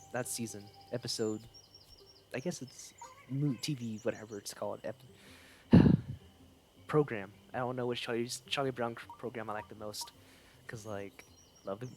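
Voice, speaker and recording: A man's voice: mid-range voice, slight background noise. Rambling young man streaming a game. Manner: rambling, chatty, self-correcting. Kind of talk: casual livestream commentary.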